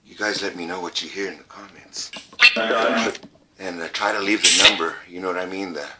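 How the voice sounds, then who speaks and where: Inside an old trailer, this ghost-hunting vlogger calls to the spirits, nervous and out of breath. His voice is low and steady, his pace fairly quick, and the recording is very noisy.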